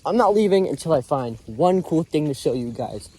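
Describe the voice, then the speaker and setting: A man's voice: on the high side, sing-song, moderate pace, warm tone. A young man giving a rambling, earnest pep talk full of crude slang while walking through the woods, recorded on a phone. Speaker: vlogger. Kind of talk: casual vlog chat on a walk. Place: outdoors in woods. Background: faint birds and insects.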